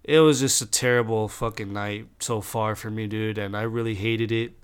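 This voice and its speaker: A man's voice: on the low side, steady tone, normal speed, smooth. A young man from Southern California telling a story in a casual, profane rant, full of filler words.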